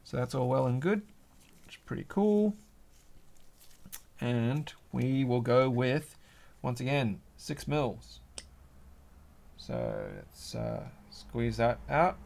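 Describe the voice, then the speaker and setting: An Australian man chats casually on a livestream, rambling from one thought to the next as he works. His voice sits at an ordinary pitch with a gravelly, fry-laced edge. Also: very animated, takes it slowly, darkish tone. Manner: rambling, musing aloud. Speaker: livestream host. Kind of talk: casual livestream chat while crafting.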